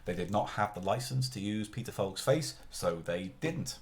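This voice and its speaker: A man's voice: on the low side, expressive, moderate pace, background noise. A man chatting casually on a live stream, rambling and often interrupting himself mid-sentence.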